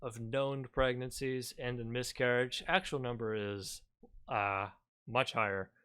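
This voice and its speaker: A man's voice: mid-range voice, steady tone, a little slow, bright, forceful tone, clean tone. A man giving sarcastic reaction commentary, swearing casually and filling his talk with "like" and "you know". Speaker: commentary YouTuber.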